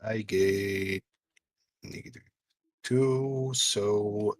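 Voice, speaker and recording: Slow, husky man, resigned. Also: on the low side. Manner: hesitant, resigned. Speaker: opponent player. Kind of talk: casual game chat.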